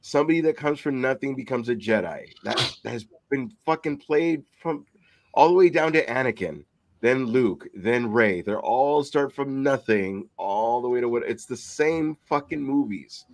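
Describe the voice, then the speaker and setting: A man's voice: mid-range voice, animated, normal speed. A man co-hosting a casual podcast, ranting with frequent swearing. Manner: profane, opinionated ranting. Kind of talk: casual chat.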